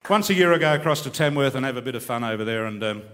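A man's voice: medium pitch, lively intonation, racing, a bit bright, soft background music. A middle-aged man with an Australian accent, rambling through a stand-up story and reciting a comic bush poem in a laconic way. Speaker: comedian and bush poet. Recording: long hall reverb.

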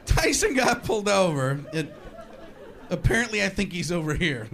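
A man's voice: high voice, very animated, moderate pace, creaky, fairly bright tone. A man doing a rambling, self-mocking stand-up comedy set, recorded in a noisy live club with the crowd audible.

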